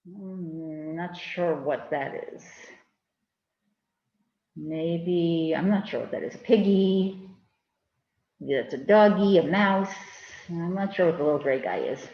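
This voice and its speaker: A woman reading a picture book to children at a library storytime, chatting with the kids in animated asides. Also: on the low side, slow pace, pauses often, echoey room, dull audio. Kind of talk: children's read-aloud.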